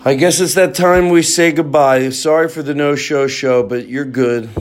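A man's voice: fairly high pitch, moderate pace, soft background music. A man hosting his own show, rambling and cursing in loose comedic banter, now and then singing off-key. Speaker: show host.

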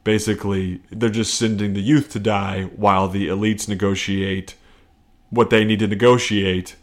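A man's voice: on the low side, little pitch movement, normal speed. A man hosting a casual solo comedy podcast, rambling and profane, self-deprecating, and laughing often. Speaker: podcast host.

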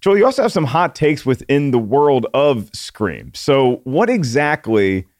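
A man's voice: mid-range voice, very animated, a little slow, darkish tone, no room sound, clean studio sound. A man hosting a film podcast, chatting casually and introducing the guest with playful puns. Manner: upbeat, playful host patter with puns. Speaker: podcast host.

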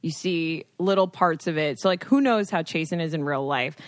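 A woman's voice: low-pitched, moderate pace, dry recording. A young woman co-hosting a podcast in casual, reflective chat, laughing now and then. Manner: chatty, reflective, laughs often. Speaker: podcast co-host.

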